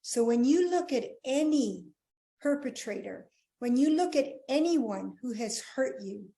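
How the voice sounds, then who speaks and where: A middle-aged woman, a marriage coach, telling her personal story earnestly in an interview, often dropping to a hushed tone. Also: high-pitched, lively intonation, measured pace, gravelly. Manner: earnest, emotional, drops to a hushed voice at tender moments.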